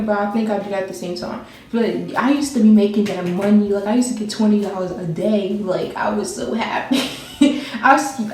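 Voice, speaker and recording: A woman's voice: medium pitch, a little mellow. A young woman telling a personal story in casual chat, rambling and laughing as she goes. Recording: very echoey room with faint music.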